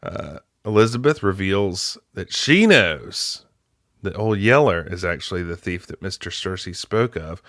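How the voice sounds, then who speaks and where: A man's voice: sits low, animated, a little slow, a bit bright, dry recording, clean studio sound. A man casually recapping a movie's plot as a film club host, chatty with laughing asides and lots of fillers.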